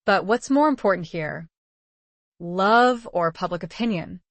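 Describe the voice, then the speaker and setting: A woman reading an audiobook, voicing a lively, quick-retorting young noblewoman. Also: on the low side, dry recording. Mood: spirited. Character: spirited young noble wife and mother.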